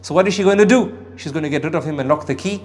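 A man preaching a sermon on Quran verses. He swings between raised emphasis and hushed asides, and recites Arabic phrases with careful pronunciation. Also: fairly high pitch, racing. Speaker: Islamic preacher.

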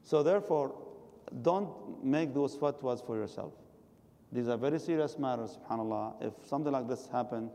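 A religious teacher gives a lecture and takes audience questions, advising his listeners directly. His voice is mellow and medium in pitch, and the sound carries the feel of a big room.

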